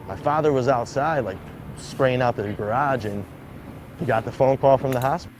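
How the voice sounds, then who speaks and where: A man's voice: mid-range voice, normal speed, darkish tone, a little hiss or hum, low-quality recording. Young man telling his story, "like" everywhere. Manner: heavy use of "like", acts out quoted voices. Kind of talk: personal storytelling in an interview. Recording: interview clip with music underneath.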